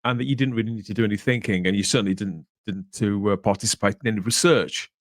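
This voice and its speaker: A man's voice: on the low side, steady tone, quick pace, no echo, clean studio sound. A man hosting a casual podcast chat, laughing often and reading out news items. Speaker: podcast host.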